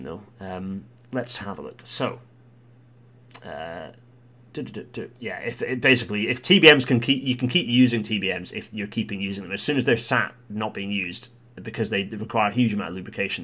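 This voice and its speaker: A man's voice: fairly low pitch, quick pace, fairly bright tone. A Scottish man doing live commentary, reading a report aloud and reacting with exclamations as he answers viewer comments. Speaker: livestream commentator on transport policy.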